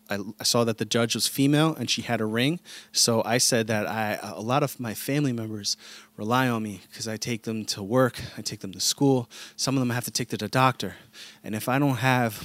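A man's voice: mid-range voice, a bit bright, no echo. A man co-hosting a podcast, telling stories in laid-back, profane banter. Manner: laid-back storytelling, swears freely. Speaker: podcast co-host.

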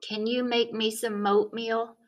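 Brief: woman voicing a whiny five-year-old boy, high and slow, storybook audiobook. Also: level tone, far from the mic, lightly acted. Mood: pleading.

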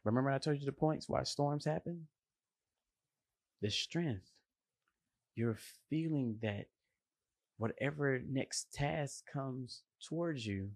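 A man, a line cook, giving a casual motivational monologue, animated and slangy, with playful emphasis and vocal sound effects. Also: on the high side, takes it slowly, long pauses, no echo.

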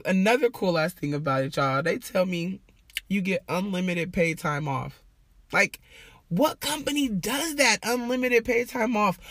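A woman's voice: medium pitch, no echo. A woman talking candidly to her viewers in a heartfelt, emotional, casual and profane way. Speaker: vlogger. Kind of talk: candid personal vlog talk.

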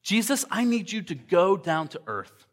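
A man voicing God the Father, calmly instructing his son in an earnest, commanding way. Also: high voice, normal speed.

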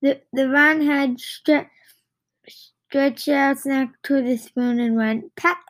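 A woman reading a children's book aloud in a halting way, with many restarts and stumbles. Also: high voice, fairly even intonation, no echo. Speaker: reader.

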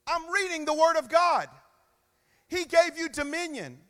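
High-voiced preacher in an echoing hall. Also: male voice, expressive, a little slow. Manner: emphatic call-and-response preaching with sudden loud and quiet swings. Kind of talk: sermon. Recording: long reverb of a large hall.

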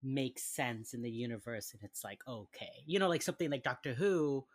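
A woman's voice: rumbling low, animated, normal speed, dry recording. A woman co-hosting a casual chat show, laid-back and teasing, asking questions. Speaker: podcast co-host.

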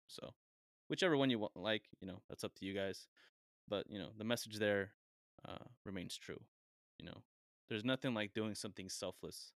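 A man's voice: on the low side, normal speed, a bit bright, no room sound, clean studio sound. A man hosting a podcast, telling stories in a loose, rambling way with many fillers. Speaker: podcast host. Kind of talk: casual podcast chat.

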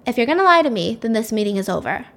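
A woman's voice: fairly high pitch, big pitch swings, very fast, a bit bright. A woman voicing a stern, cold older female hospital director who interrogates a young doctor bluntly.

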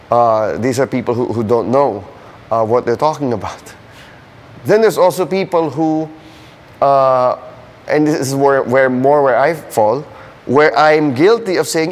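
Earnest pastor in an echoing hall. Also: male voice, mid-range voice, unhurried. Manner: earnest, building to emphatic questions. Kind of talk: sermon. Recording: long hall reverb.

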